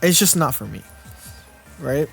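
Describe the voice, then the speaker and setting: A young man in his twenties streams a card game and chats along, his voice sitting high for a man. He rambles, trips over restarts and keeps turning to answer his viewers. Faint music runs quietly behind him. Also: animated, measured pace, vocal fry. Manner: rambling, self-interrupting, chatty with viewers. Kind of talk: casual live-stream commentary.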